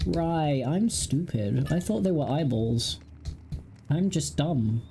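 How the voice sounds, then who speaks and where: Low-voiced playful woman streamer. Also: animated, slow pace, warm tone. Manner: playful, self-mocking, reacts aloud. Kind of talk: casual live gameplay commentary. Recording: stream with faint game music.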